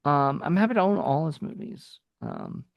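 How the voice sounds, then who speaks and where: A man's voice: fairly high pitch, huge pitch swings, normal speed, gravelly, dry recording, highs cut off. A man co-hosting a film review podcast in casual chat. He rambles loosely, with many fillers and restarts.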